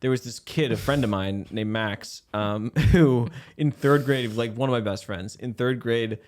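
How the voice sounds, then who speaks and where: A man's voice: medium pitch, a little slow, a little mellow. A man co-hosting a casual rewatch podcast, joking, swearing and laughing a lot. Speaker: podcast co-host.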